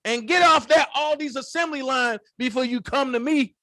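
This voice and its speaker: A man hosting his own political commentary channel, talking in a loud, profane, animated way and mimicking other voices. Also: very high voice, normal speed, no echo.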